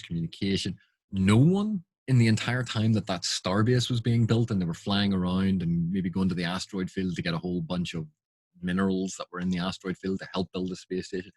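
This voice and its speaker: Husky low-voiced man venting in commentary. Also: a little mellow, no room sound. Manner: exasperated, rhetorical questions, mocking impressions. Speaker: film and TV critic. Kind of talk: unscripted reaction commentary.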